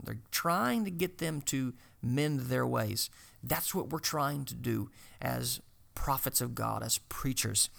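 A man preaching to fellow preachers, earnest and exhorting, often pausing on filler sounds. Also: medium pitch, vocal fry, fairly bright tone.

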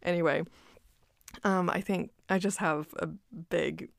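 A woman's voice: lowish voice, steady tone, a little slow, creaky, dry recording, clean studio sound. A young woman talking casually about her month, with many fillers and frequent laughter. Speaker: vlogger. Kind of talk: casual personal reflection. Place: home in Austin.

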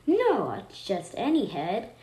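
A woman voicing a forceful, doting mother who is insistent and bright. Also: mid-range voice, huge pitch swings, slow. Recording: roomy echo, faint noise.

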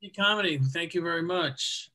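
A man's voice: on the high side, steady tone, moderate pace, a crowd in the background. A man hosting a comedy show, bantering with and teasing the comedians. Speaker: host. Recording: faint background noise.

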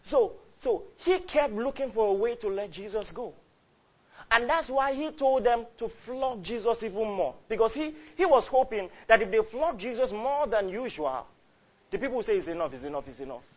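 A man's voice: extremely high pitch, expressive, moderate pace. A man, preaching a fervent, storytelling sermon. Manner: fervent, builds to loud cries, storytelling.

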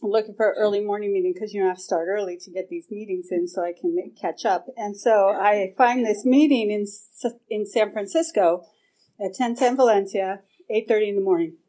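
A woman's voice: medium pitch, brisk, warm tone, low-quality recording. A middle-aged woman speaking at a recovery meeting, telling her story candidly with swearing and acting out her own past reactions. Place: meeting hall.

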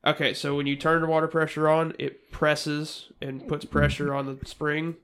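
A man with a fairly high voice and a gravelly, creaky edge, talking bluntly in a profane casual chat. He lays out how things work step by step, swearing as he goes. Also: little pitch movement, normal speed, fairly bright tone, slight background noise. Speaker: former packing house worker.

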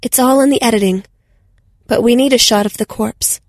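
A woman's voice: a little high, normal speed, dry recording, clean studio sound. A woman voicing a bold, scheming young female filmmaker who talks in an urgent, insistent way. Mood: cold.

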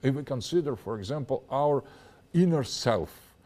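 A man in an interview, speaking in a mellow, warm tone that rises and falls widely as he builds his argument step by step. He halts often to search for words and restarts phrases, with a lecturing manner. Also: mid-range voice, lively intonation, normal speed. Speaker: interview guest. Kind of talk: interview, extended explanation.

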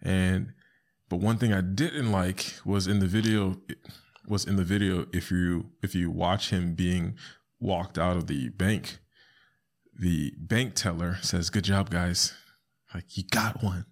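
A man hosting a podcast alone, talking casually and animatedly, often jumping into high squeaky voices to quote people. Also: steady tone, slow pace, a little mellow. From South Florida. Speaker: podcast host. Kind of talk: casual solo podcast commentary.

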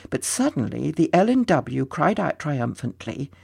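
A narrator reading a children's storybook aloud in a gently expressive way. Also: mid-range voice, measured pace, creaky, breathy edge, no echo.

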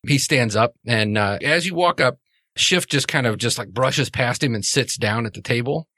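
A man's voice: mid-range voice, normal speed, bright, forceful tone, dry recording. Guy running a tabletop game, chatty, lots of likes, dry close sound. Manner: casual, many "like" fillers. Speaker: game master.

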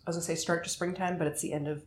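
A woman's voice: lowish voice, little pitch movement, rapid-fire, echoey room, slight background noise. A middle-aged woman hosting a podcast in casual chat, talking between bites and poking fun at herself. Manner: chatty and self-deprecating, talking between bites. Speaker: podcast host. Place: home kitchen.

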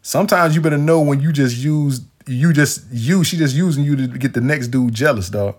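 A man's voice: medium pitch, normal speed, husky. A grown man hosting a casual chat, telling stories with slang and swearing and acting out the quoted voices. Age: adult, past his younger days. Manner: animated storyteller, acts out quotes in shifting voices; swears freely, slangy street talk. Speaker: podcast host.

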